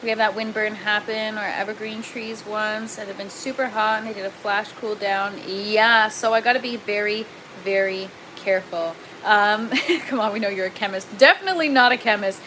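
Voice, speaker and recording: A woman's voice: mid-range voice, fairly even intonation, normal speed, noisy background. A woman hosting a casual livestream, chatting and reading viewer comments aloud, laughing often. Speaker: livestream host. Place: indoor grow tent.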